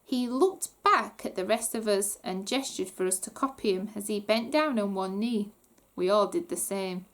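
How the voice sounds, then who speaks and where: A woman reading a children's book aloud with animated storytelling. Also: medium pitch, normal speed. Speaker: reader.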